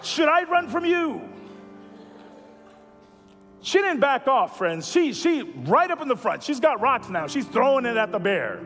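A male pastor preaching a sermon as a lively storyteller. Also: extremely high pitch, long reverb tail, faint music behind. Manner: animated storyteller who builds to a hushed, slow close.

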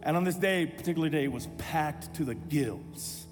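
High-voiced man preaching in a hall. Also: moderate pace, over music. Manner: storytelling, animated and self-deprecating humor. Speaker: pastor. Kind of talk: sermon.

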